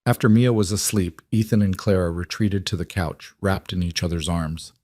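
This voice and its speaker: A man narrating a scripted romantic story in a calm, even way. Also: low voice, moderate pace, hardly any pauses, dry recording, studio quality.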